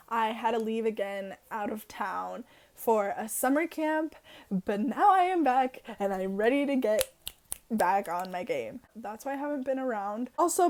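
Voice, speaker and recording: A woman's voice: a little high, darkish tone. A teenage girl chatting casually to camera in a storytime vlog, full of fillers and giggles. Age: teens. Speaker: vlogger. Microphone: camera in her room.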